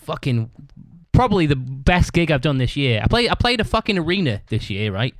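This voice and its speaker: In a slightly high, very animated voice, a male podcast host talks a little fast with no echo. His casual monologue is a rambling story full of swearing, with "right?" tagged onto his lines.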